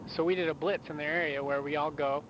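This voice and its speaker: A man's voice: a little high, steady tone, fast talker. A young man missionary recording a rambling, casual audio letter, telling a story with lots of fillers. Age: young adult. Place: in a moving car. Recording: noisy car recording.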